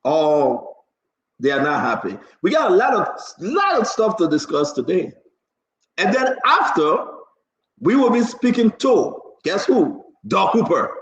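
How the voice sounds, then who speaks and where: A man hosting a live political talk show, animated, teasing and laughing as he talks. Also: sits high, unhurried, roomy sound, rough recording. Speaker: show host. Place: New Jersey.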